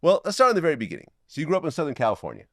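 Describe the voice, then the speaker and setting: A man hosting an interview, asking brisk, leading questions. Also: fairly high pitch, wildly swooping pitch, fairly bright tone, no echo, clean studio sound. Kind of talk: interview host.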